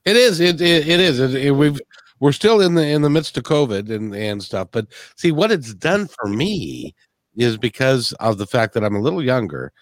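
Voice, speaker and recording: A man's voice: mid-range voice, big pitch swings, moderate pace, no echo, clean studio sound. A man from the of the US hosting a podcast, chatting casually and often repeating words as he starts a thought. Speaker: podcast host. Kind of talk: casual interview chat.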